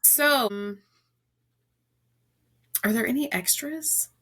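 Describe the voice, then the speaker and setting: A woman interviewing a longtime friend in a casual Christian chat, encouraging and upbeat with quick affirmations. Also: a little high, a bit bright.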